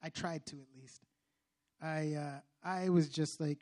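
Young guy with a high voice preaching his testimony, earnest, keeps restarting then gets loud. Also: steady tone, unhurried. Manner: earnest, preacherly, with many restarts and sudden loud emphatic bursts. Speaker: speaker giving testimony. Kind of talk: testimony sermon.

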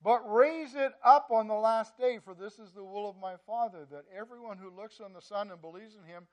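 A man preaching a sermon in a conversational way, often repeating words and saying "you know", swinging between loud emphasis and quiet asides. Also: high-pitched, brisk. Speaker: pastor.

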